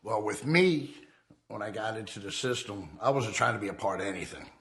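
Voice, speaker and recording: Gravelly, profane middle-aged man. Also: lowish voice, a little fast. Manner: profane, streetwise, animated retelling. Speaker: interviewee recounting his criminal past. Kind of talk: candid documentary interview storytelling.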